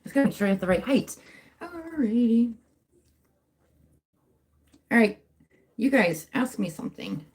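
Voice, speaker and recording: A woman's voice: medium pitch, lively intonation, fairly quick. A young woman hosting a casual livestream, chatting in a rambling, self-interrupting way while she crafts at home. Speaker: livestream host. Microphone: phone mic.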